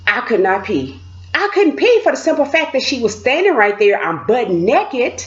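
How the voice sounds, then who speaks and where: A woman telling a personal story in a casual, expressive way, acting out the voices of the people in it. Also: fairly high pitch, normal speed. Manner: animated, expressive, acts out voices. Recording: dull lo-fi recording.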